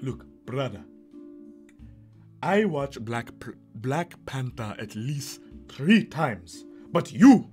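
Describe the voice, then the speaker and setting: A man's voice: medium pitch, sing-song, slow, mellow, soft background music. A man putting on an indignant African-accented host. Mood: outraged. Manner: outraged, exaggerated scolding. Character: indignant man scolding a guest over a drink.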